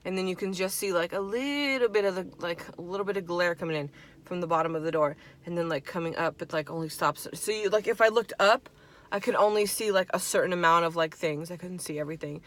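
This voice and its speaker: A woman in her twenties telling a story on a vlog, animated and swearing freely, with lots of "like". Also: fairly low pitch, fast. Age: 20s. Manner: animated, profane, heavy "like" filler. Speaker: vlogger. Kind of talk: storytime chat.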